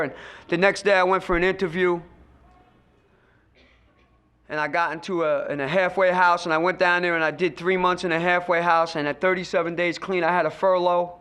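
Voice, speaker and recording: A man's voice: high-pitched, steady tone, a little fast, a bit bright, clean tone. A middle-aged man giving his recovery testimony at a meeting, telling his story emphatically, repeating phrases and speaking straight to the listener. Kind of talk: personal recovery testimony to an audience.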